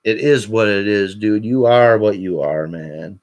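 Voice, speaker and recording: A man on a call-in show, ranting angrily and swearing constantly, his voice climbing toward shouts. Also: lowish voice, a little slow. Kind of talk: angry profane rant.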